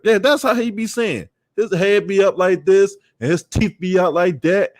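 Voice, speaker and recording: A man livestreaming in casual chat, swearing freely, laughing often and shouting out viewers. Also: sits high, steady tone, brisk, hardly any pauses, no room sound, studio quality.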